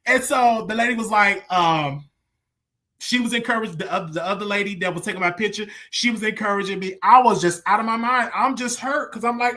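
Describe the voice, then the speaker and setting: A show host in their thirties telling a personal story in a monologue, emotional and repetitive, swinging from hushed to loud. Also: mid-range voice, brisk. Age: 30s.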